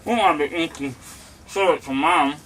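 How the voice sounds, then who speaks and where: A man's voice: fairly high pitch, moderate pace, fairly bright tone, low-quality recording. A man in his thirties, a dad chatting playfully with his young daughter while filming an outdoor vlog. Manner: playful, laughing, talks to camera. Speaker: vlogger dad. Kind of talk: casual vlog chat with his child. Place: outdoors at a park and parking lot. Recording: outdoor vlog with clear background noise.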